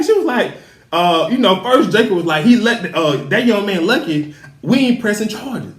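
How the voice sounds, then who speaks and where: Animated man recapping a TV drama. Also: high-pitched, normal speed. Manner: emphatic, talks back to the characters, laughs often. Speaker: TV show recap host. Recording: roomy echo.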